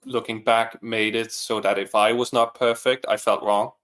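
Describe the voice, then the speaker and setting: Speaking at a moderate pace, a man with a somewhat low, fairly bright voice delivers his words flatly. He's a coaching client and single father, sincerely reflecting on his experience in an informal interview chat.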